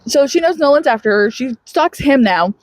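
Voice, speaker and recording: A woman's voice: high voice, moderate pace, no room sound. A woman co-hosting a podcast, recapping a book in casual chat, laughing often and acting out the characters' lines. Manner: animated storyteller who laughs often and acts out quotes. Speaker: podcast co-host.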